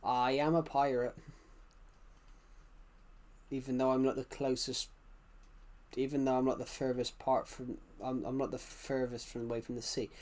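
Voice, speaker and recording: A man's voice: medium pitch, monotone, moderate pace, a little mellow. A man with a British accent, chatting casually on a live game stream, rambling and answering chat messages with frequent restarts. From United Kingdom.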